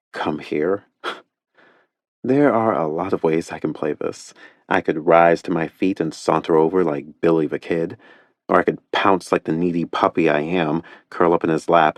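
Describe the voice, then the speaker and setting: A man narrating a first-person romance audiobook in a hushed, intimate way, close to the mic. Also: sits low, no echo.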